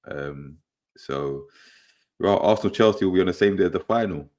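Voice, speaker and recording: Low-voiced and slightly dark in tone, this young podcast host talks football at a normal pace, spinning stories in a laid-back manner and laughing often.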